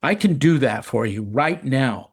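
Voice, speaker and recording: A man's voice: mid-range voice, animated, measured pace, gravelly, breathy edge. Earnest middle-aged man telling a story. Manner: earnest, repeats words and restarts often. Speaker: recovery podcast guest. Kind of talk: casual storytelling.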